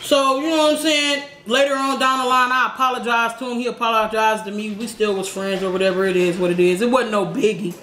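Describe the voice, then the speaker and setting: A woman vlogger telling a slangy, animated story while eating, with shouted sound effects. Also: on the high side, a little fast, few pauses. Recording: echoey room with faint background noise.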